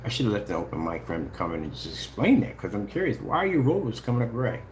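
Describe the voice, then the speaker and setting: A man's voice: on the low side, sing-song, fast talker, darkish tone, a little hiss or hum. A man giving casual, taunting livestream commentary, full of sing-song mockery. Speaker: channel host.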